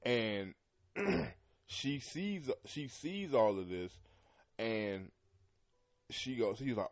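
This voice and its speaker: A man hosting a podcast, talking loosely about an anime with lots of fillers and frequent throat clearing. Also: medium pitch, lively intonation, drawn-out words, long pauses. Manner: loose and rambling, heavy with "you know" and "man"; often clears his throat. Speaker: podcast host. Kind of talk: casual anime commentary.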